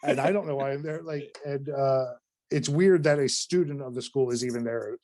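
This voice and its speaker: A man from North Carolina, a podcast guest, recounts a story in a lively, rambling flow. He restarts often and swears casually along the way. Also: medium pitch, moderate pace.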